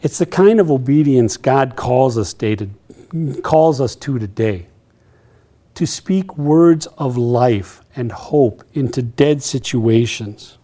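A man preaching a sermon, animated and playful, acting out quotes with humor. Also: mid-range voice, slow pace. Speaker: pastor.

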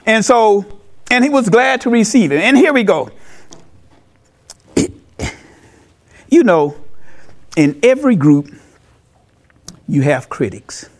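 Animated high-voiced male preacher. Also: takes it slowly, pauses often. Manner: animated, emphatic, repeats key phrases. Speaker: pastor. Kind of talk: sermon.

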